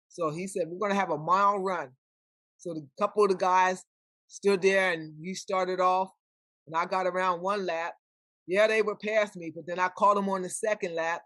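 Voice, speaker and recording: A woman's voice: on the low side, normal speed, no room sound. An older woman, a podcast guest, telling stories animatedly and acting out the people she quotes. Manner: animated, acts out quoted voices. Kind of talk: storytelling in conversation.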